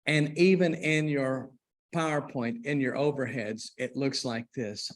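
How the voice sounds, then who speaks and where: A man preaching to a church congregation in an unhurried, conversational way, with restarts and asides to the listeners. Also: mid-range voice, steady tone. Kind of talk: church class talk on hymns. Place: church auditorium.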